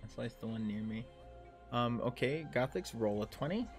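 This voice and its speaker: A man's voice: medium pitch, lively intonation, moderate pace, faint music behind. A man in his thirties running a tabletop game as dungeon master, narrating combat vividly and with energy. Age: 30s.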